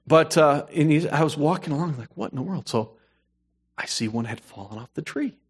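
A man preaching a sermon, moving between hushed storytelling and emphatic, rising points. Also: fairly high pitch, lively intonation, moderate pace, husky. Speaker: pastor.

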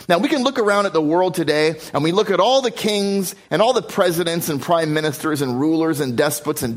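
A man preaching a sermon, reading scripture slowly and explaining it verse by verse. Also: on the high side. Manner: reads scripture slowly in King James wording.

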